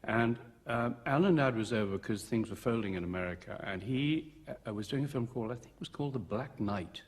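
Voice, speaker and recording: Husky older man telling wry anecdotes. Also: medium pitch, lively intonation, a little fast. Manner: wry, theatrical storytelling with acted-out dialogue. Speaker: interviewee, veteran film actor. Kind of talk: reflective interview anecdotes.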